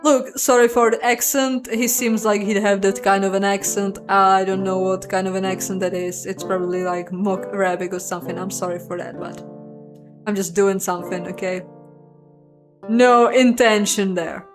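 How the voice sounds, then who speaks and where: A woman's voice: mid-range voice, flat delivery, normal speed. A woman narrating a story game, breaking off into chatty, self-mocking casual asides. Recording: guitar music behind the voice.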